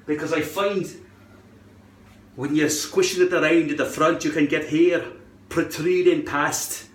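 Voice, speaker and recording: A man tries out a put-on Scottish accent as he casually walks through a hair-care routine. He is playful and a little sweary. His voice sits somewhat high, and the room around him is roomy and echoey. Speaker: hairpiece vlogger. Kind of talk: casual how-to vlog. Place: room at home by a mirror.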